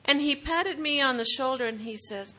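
A woman's voice: sits high, moderate pace, bright, forceful tone. A woman speaking at a recovery meeting, telling her own story earnestly and repeating phrases for emphasis. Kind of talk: personal testimony talk.

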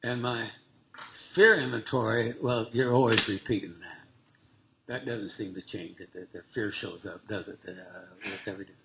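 A man speaking to a recovery meeting, telling his story in a halting, conversational way with frequent restarts and small laughs. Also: fairly low pitch, noisy background. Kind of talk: personal recovery story told to a group.

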